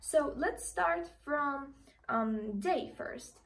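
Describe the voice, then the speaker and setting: Young woman tutor, slow and careful, slightly high voice, a little far from the mic. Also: lively intonation, creaky, noisy background. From Iraqi Kurdistan. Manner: slow, careful, repeats each word. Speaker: language tutor. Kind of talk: online language lesson.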